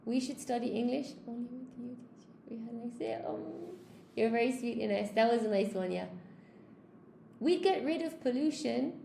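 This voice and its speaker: Upbeat woman teacher, gravelly, echoey room. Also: on the high side, normal speed, dark tone, slight background noise. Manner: upbeat, encouraging, reads out comments. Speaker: English teacher hosting a live stream. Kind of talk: live stream chat with viewers.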